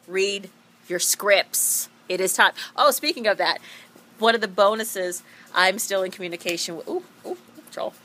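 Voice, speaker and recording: Woman theatre teacher, casual diary vlog, rambling and chatty, lowish bright voice. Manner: chatty, rambling, laughs often. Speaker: high school theatre teacher.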